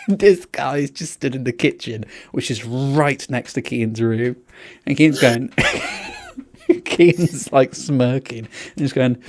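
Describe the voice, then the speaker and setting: Animated young man telling a story. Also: medium pitch, moderate pace. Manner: animated storyteller, acts out quotes, laughs a lot. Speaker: podcast co-host. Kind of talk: casual storytelling chat.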